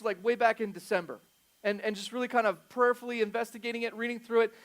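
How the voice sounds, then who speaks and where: A middle-aged male pastor giving a sermon in a conversational, joking way, swinging from loud emphasis to quiet asides. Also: high voice.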